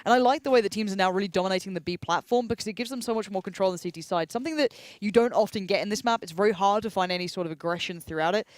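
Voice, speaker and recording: A man's voice: sits high, no room sound. A young English man giving live esports commentary in a chatty, analytical way. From England. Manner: chatty, quick analytical patter. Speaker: esports caster.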